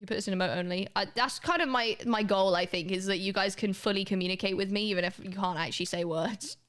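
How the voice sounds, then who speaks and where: A woman's voice: mid-range voice, quick pace, fairly bright tone. A young woman, chatting casually and swearing now and then while livestreaming a video game to her chat. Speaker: live streamer.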